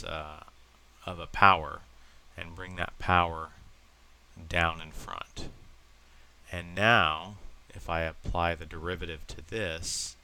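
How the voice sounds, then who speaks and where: Deep-voiced man, nasal from a cold. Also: bright, forceful tone, slight background noise, poor audio. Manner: plain step-by-step explaining with fillers. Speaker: math teacher. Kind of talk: recorded lesson working through problems.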